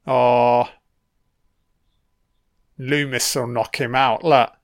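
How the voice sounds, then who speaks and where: A man's voice: mid-range voice, little pitch movement, extremely slow, no room sound, clean studio sound. A man giving casual, sweary film commentary, sardonic and mocking.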